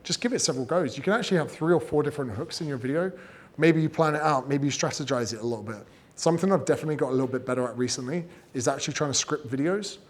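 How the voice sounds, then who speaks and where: Energetic swearing man. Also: on the high side, rapid-fire. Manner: energetic, swears freely, acts out quoted people. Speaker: fitness and business coach giving creator advice. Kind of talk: casual talk, teaching.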